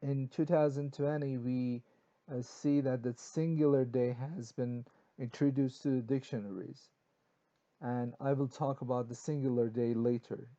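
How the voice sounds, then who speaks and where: A man's voice: medium pitch, steady tone, measured pace, warm tone, lo-fi sound. A man teaching a grammar lesson, explaining in short bursts with frequent "okay" and fillers.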